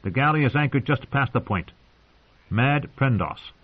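A man's voice: mid-range voice, lively intonation, moderate pace, slightly rough, voice pushed up. Brief: man playing a clipped smuggler sailor, curt, phone-thin. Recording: tinny phone-like sound.

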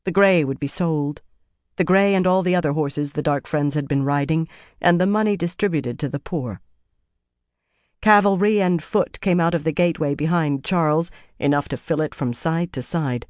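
A narrator reading a fantasy novel in a measured, steady audiobook style. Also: mid-range voice, dry recording, clean studio sound.

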